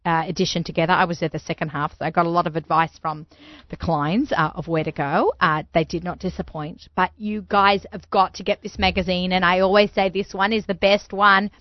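A woman hosting a podcast, chatty and excitable, often repeating her words as she goes. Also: lowish voice, fairly quick, dry recording, muffled recording. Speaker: podcast host. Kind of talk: casual interview chat.

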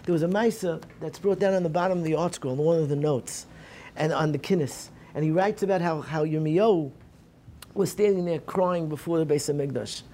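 A man's voice: on the high side, fairly quick, warm tone, slight background noise. A man giving an earnest Tisha B'Av Torah lecture at a synagogue program. He often repeats and restarts phrases and mixes in Hebrew terms.

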